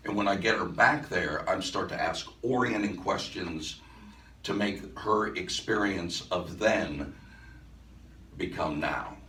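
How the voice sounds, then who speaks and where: A man with an extremely low voice recounts a class demonstration to a live audience, stopping to restart his sentences and playing out both sides of a conversation. He is picked up by a distant mic in an echoey room with a faint hiss. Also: slow, bright, forceful tone. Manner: conversational, with frequent restarts and acted-out dialogue. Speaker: hypnosis instructor. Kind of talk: storytelling lecture to a live audience.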